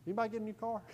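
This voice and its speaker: Preacher guy, highish voice, folksy sermon, repeats stuff, gets loud then quiet. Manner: folksy, repeats phrases for emphasis, rises and falls in volume. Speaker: pastor. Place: church.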